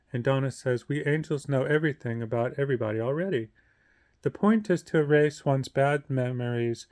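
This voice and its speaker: A man's voice: mid-range voice, darkish tone, clean tone. A man reading his own short book aloud, lifting his voice a little for the quoted lines and stumbling now and then.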